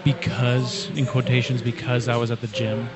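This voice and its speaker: A man's voice: medium pitch, monotone, normal speed, a crowd in the background. A man in his twenties in casual chat, telling a story animatedly and acting out the quotes. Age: 20s.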